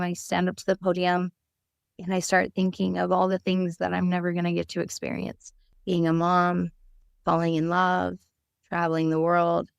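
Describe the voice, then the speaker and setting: A woman with a somewhat low, smooth, clear voice shares her own life story as a podcast guest. She is earnest and open, and she vividly acts out the conversations she remembers. The sound is close and dry, with no room echo. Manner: vivid storyteller who acts out quoted dialogue; earnest and candid. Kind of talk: personal storytelling.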